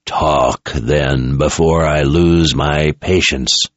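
A man doing a deep, gravelly, menacing emperor. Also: fairly even intonation, no room sound, full character voice. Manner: slow, threatening, enraged at times. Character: menacing male emperor speaking through a possessed young soldier. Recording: dull lo-fi recording.

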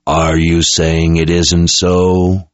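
A man doing a deep, gravelly, menacing emperor. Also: monotone, no room sound. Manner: slow, threatening, enraged at times. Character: menacing male emperor speaking through a possessed young soldier. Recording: dull lo-fi recording.

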